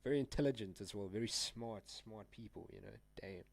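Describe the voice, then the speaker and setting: A young South African trading livestreamer, his voice fairly low and creaky, talks at a fairly quick pace. He chats casually and rambles in slang, staying laid-back and laughing often.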